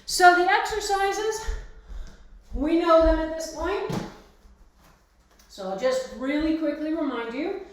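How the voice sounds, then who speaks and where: A woman's voice: fairly high pitch, far from the mic. A woman fitness instructor leading a live home workout class, chatty and encouraging, with many fillers. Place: home exercise space. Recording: very echoey room.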